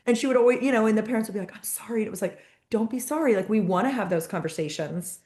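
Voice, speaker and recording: Woman moderator, mid pitch, lively storyteller, casual call. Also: very fast. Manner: lively storyteller who acts out quoted voices. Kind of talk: casual chat on a video call.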